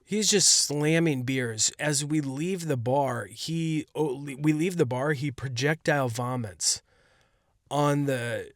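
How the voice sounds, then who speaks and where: A man's voice: mid-range voice, takes it slowly, dry recording, studio quality. A man hosting a solo podcast as a stand-up comedian, telling a casual story in a loose, rambling way. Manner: rambling, laid-back, heavy on "like".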